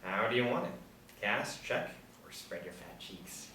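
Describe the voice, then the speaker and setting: A man reading the part of a boastful, folksy male drifter who calls himself a soldier of fortune, talking with swagger and sudden loud bursts. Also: fairly low pitch, animated, a little slow. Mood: hard bargaining. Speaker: table-read actor. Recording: roomy, distant mic, faint background hum.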